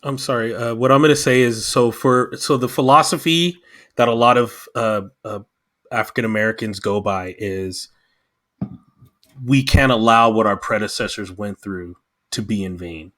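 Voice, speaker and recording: A podcast guest chats casually while reviewing a show, speaking with passion and getting emotional. His voice is on the low side and his pace moderate, and his manner is impassioned and animated.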